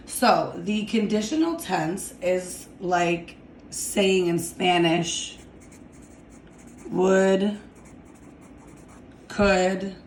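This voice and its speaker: A woman with a lowish voice teaches grammar at an unhurried pace, pausing to ask "okay?" as she writes things out. Her voice echoes in the room, with a faint hiss of noise behind her. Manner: slow, deliberate, repeats "okay?" to check understanding. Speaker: Spanish teacher. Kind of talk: classroom grammar lesson.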